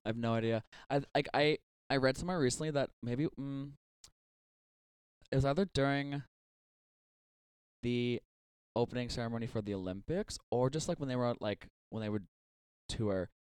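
A male podcast guest in casual chat, laid-back, swearing freely and tossing in deadpan asides. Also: medium pitch, moderate pace, long pauses, clean tone, no echo.

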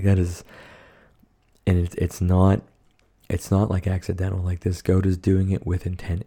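Here a podcast co-host with a low, dark voice and vocal fry gives a loose, cursing recap of a horror film. He wanders a lot and uses many filler words.

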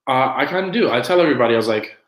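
A man's voice: mid-range voice, rapid-fire, reverberant, low-quality recording. A man as a podcast guest, chatting casually and acting out quoted lines as he tells stories. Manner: animated storyteller who acts out quotes. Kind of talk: casual conversation.

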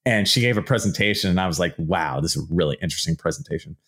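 A middle-aged man hosts his own podcast in a casual, lively monologue. His voice sits on the low side. He likes to act out silly mock quotes in put-on voices. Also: very fast. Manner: animated, acts out mock quotes in goofy voices. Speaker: podcast host, archaeologist. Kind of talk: casual solo podcast talk.

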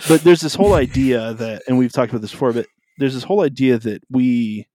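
A man's voice: mid-range voice, a little fast, mellow, dry recording. A man co-hosting a podcast, talking casually about faith in a rambling way, with lots of fillers and self-interruptions. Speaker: podcast co-host.

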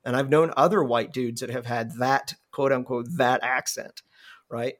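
A man's voice: medium pitch, fairly even intonation, normal speed. A man hosting a podcast in casual chat, rambling and profane, restarting his words. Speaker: podcast host.

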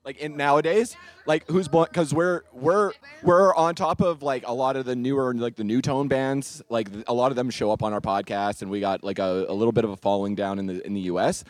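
A male podcast co-host talks in loose, rambling sentences stuffed with fillers and quick laughs. His pitch sits in the middle range. The recording is dry and close. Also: steady tone, dry recording. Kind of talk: casual podcast chat.

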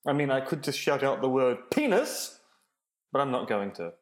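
A man as a podcast guest, chatting with dry, deadpan humour. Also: medium pitch, normal speed. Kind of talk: casual podcast chat.

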